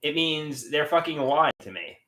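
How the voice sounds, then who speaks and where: A man's voice: fairly high pitch, lively intonation, normal speed, pushed and bright, roomy sound. A man livestreaming and talking about his artwork, agitated and swearing, often repeating himself and restarting his sentences. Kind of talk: casual livestream talk.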